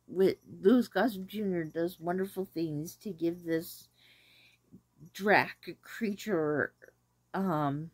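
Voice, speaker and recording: A woman hosting a casual talk about an old film, rambling and hesitant with many pauses. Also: on the low side, a little mellow, slightly rough, no room sound. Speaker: host reviewing an 80s film. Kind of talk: casual chat.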